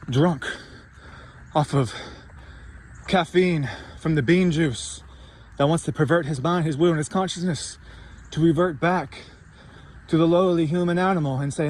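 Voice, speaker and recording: Casting: fairly high-voiced man, fiery swearing rant, faint hiss behind. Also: moderate pace, long pauses, darkish tone. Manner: intense, swearing, rambling and self-mocking. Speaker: podcast host. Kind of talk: profane motivational rant.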